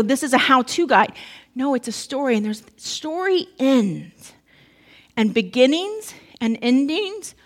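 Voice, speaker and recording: A woman pastor preaching in a relaxed, conversational way. Her voice is slightly high, and she mixes storytelling with quick joking asides to the congregation. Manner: casual storytelling with asides and humor. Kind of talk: sermon.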